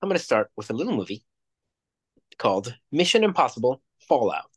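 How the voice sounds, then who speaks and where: A man's voice: medium pitch, sing-song, brisk, a little hiss or hum. A man co-hosting a casual podcast, talking in a rambling, emphatic way with plenty of swearing. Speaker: podcast co-host. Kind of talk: casual chat.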